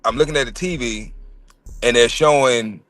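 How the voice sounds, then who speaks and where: A man in his thirties telling a personal story in casual chat, profane and animated. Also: medium pitch, moderate pace. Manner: profane, animated storytelling, acts out quoted voices.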